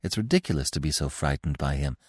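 A man's voice: rumbling low, expressive, quick pace, husky, no room sound, studio quality, pitched below the performer's own voice, heavily acted. A man doing an earnest young buck deer. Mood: pleading. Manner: soft, quavering, pleading.

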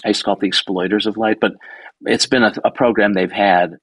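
A man in his sixties, a guest photographer telling stories in a casual interview, animated, swearing freely and acting out the people he quotes. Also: lowish voice, quick pace, slightly rough, no echo, poor audio. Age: 60s.

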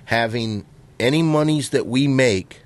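A man's voice: mid-range voice, unhurried. A man hosting a comedy podcast, bossy and exasperated in bickering banter.

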